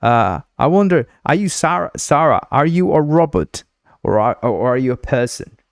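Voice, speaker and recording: A man's voice: mid-range voice, very animated, moderate pace, creaky, no echo, clean studio sound. A man from Uruguay hosting a casual livestream, rambling and joking, with frequent laughs and stumbling restarts. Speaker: livestream host.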